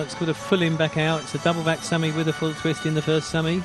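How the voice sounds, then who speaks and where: A man giving expert sports commentary, explaining the technique in a steady, informed way. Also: on the high side, fast talker, hardly any pauses, music in the background.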